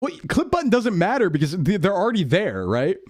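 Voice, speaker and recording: A male streamer in casual live chat, talking in a slightly high voice that jumps all over as he laughs and protests. The sound is dry and close, with faint music playing underneath. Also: wildly swooping pitch, brisk, darkish tone, dry recording. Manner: laughing, flustered, defensive. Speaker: VTuber streamer. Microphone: desktop streaming mic.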